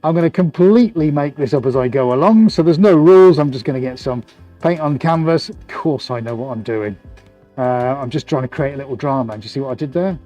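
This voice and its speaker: A man's voice: medium pitch, a little fast, mellow, soft background music. Chatty man hosting a painting stream. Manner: chatty, jokey, laughs often while working. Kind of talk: casual live-stream commentary. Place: art studio, indoors.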